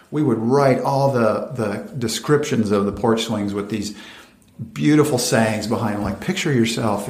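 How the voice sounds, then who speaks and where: A man, a company founder, telling stories in an interview and acting out quoted dialogue in lively voices. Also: lowish voice. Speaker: venture capital founder, interview guest. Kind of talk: conversational storytelling interview. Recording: roomy echoey room.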